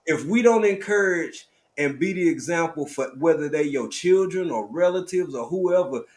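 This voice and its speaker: Middle-aged man, livestream host, slightly high voice, earnest and preacherly. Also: animated, normal speed. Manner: heartfelt, preacherly, calls listeners baby and family. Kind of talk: casual live stream chat.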